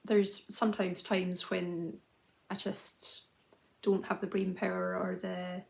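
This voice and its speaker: A woman's voice: fairly low pitch, little pitch movement, slow pace, creaky. A woman in her thirties chatting casually to camera as host of a knitting video journal, self-deprecating, with frequent ums and restarts. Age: 30s.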